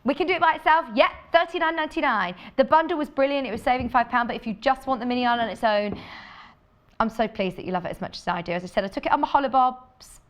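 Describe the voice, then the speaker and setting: A woman presenting a live home shopping show, chatty and enthusiastic, chatting with off-camera crew between sales pitches. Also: quick pace. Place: TV studio.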